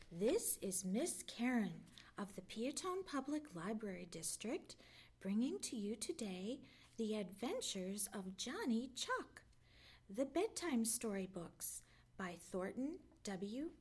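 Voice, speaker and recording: High, lively storytelling librarian woman. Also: slow. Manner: gentle, expressive storytelling. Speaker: children's librarian. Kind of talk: storybook read-aloud.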